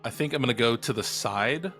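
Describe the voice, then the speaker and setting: A man's voice: mid-range voice, animated, fast talker, bright, forceful tone, faint music behind. A man playing a tabletop game, thinking aloud in a hesitant way. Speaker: player. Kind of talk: casual tabletop play.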